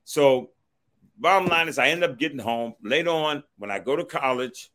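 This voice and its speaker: A middle-aged man from Washington, D.C., recounts a personal story with an animated delivery. His pitch sits in an ordinary middle range. He keeps pulling the thread back with a stock phrase and acts out the voices of the people in it. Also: moderate pace. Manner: animated, acts out others' quoted words, repeats a stock phrase to move on.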